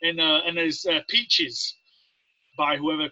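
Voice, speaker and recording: A man's voice: fairly high pitch, normal speed, pushed and bright, no room sound, lo-fi sound. A man with an English accent, a Navy veteran guest on a podcast, rambling through stories and acting out what people said. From England. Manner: rambling, anecdotal, acts out quotes. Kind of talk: casual storytelling.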